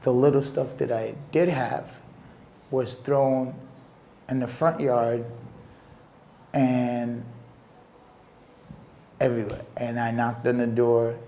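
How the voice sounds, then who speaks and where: A young man telling a personal story in an interview, earnest and emotional, with halting pauses. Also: mid-range voice, flat delivery, dark tone, a little hiss or hum.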